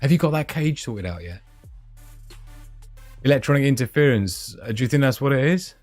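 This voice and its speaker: A man's voice: mid-range voice, lively intonation, moderate pace, a little mellow, dry recording, soft background music. A man hosting a live stream, chatting casually and rambling, often losing his thread mid-sentence. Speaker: livestream host.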